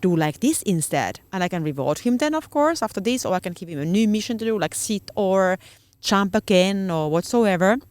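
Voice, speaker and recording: Woman, mid-pitched voice, halting with many fillers, dry close sound. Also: expressive, a little mellow, no room sound. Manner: searching for words, many fillers. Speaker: guest dog trainer. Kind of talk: casual podcast conversation.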